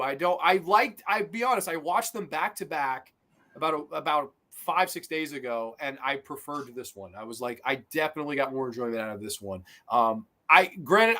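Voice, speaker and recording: A man hosting a casual podcast about films, talking animatedly, swearing often and acting out scenes. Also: a little high. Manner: animated, swearing, acts out quotes. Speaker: podcast host. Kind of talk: casual film discussion.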